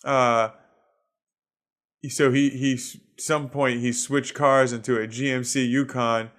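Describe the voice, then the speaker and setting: A man's voice: mid-range voice, level tone, slow pace, a bit bright. A man with a Boston accent, a comedian hosting his own podcast, ranting casually and swearing a lot while laughing at his own jokes. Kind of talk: solo comedic podcast rant.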